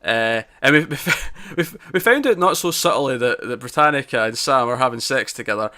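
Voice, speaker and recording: A man's voice: mid-range voice, lively intonation, brisk, sharp tone. A man co-hosting a casual TV review podcast, rambling with restarts as he retells scenes. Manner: rambling, with frequent restarts and quoted lines. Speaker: podcast co-host.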